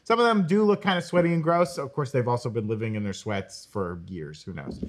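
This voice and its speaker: A young man in his twenties hosting a casual TV review chat, recapping the plot with jokes. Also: medium pitch. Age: 20s. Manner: joking, recaps plot quickly. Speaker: host.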